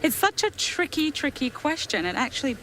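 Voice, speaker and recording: A woman's voice: sits high, very animated, a little fast, fairly bright tone, a little hiss or hum, poor audio. Chatty woman guiding a safari drive. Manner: chatty, self-deprecating. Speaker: safari guide. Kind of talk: live commentary from a game drive.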